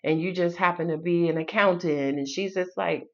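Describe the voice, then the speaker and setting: A woman's voice: lowish voice, steady tone, moderate pace. A woman with a New York accent reads tarot in a loose, sassy way, joking and swearing as she talks. The recording sounds a little dull and lo-fi. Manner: sassy, playful, swearing, laughs often. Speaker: tarot reader. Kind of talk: casual tarot reading.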